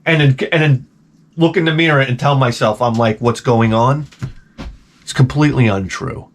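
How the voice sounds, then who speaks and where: A man's voice: mid-range voice, a little fast, slight background noise. A man, telling a profane, rambling story in a casual vlog. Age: 40s. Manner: animated, profane, repeats himself. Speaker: vlogger.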